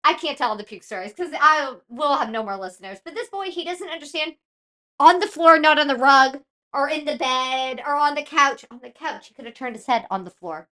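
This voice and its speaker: A woman in her thirties telling funny stories about her kids on a podcast. Her voice is high-pitched, bright and forceful. She is lively, laughing often and swearing as she quotes what the kids said. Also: a little fast. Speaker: podcast co-host. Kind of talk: casual storytelling chat.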